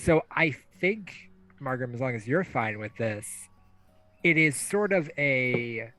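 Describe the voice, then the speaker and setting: A man's voice: mid-range voice, expressive, takes it slowly, pushed and bright, no room sound, low-quality recording. Brief: man player, dry close mic, faint music behind.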